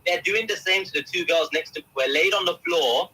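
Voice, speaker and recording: A man's voice: a little high, a little fast, pushed and bright, breathy edge, poor audio. A young man, a guest in an interview, telling an emotional first-person account in an intense, agitated way, often calling the host by name.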